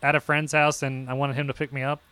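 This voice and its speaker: A young man co-hosting a podcast, telling animated stories in casual chat and acting out quotes with sudden yelps. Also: medium pitch, fast talker, clear, resonant tone, dry recording. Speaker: podcast co-host.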